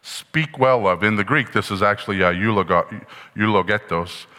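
A man preaches a sermon in a casual, teaching way, his voice bright and a touch low. He keeps putting questions to the congregation as he walks through the text. A long reverb trails behind him in the hall. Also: normal speed. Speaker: pastor.

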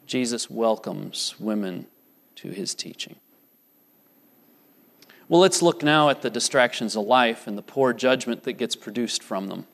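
A man's voice: mid-range voice, a little slow, vocal fry, pauses often, a bit bright. A man preaching a sermon earnestly, putting repeated questions to his congregation in a church. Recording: church hall reverb.

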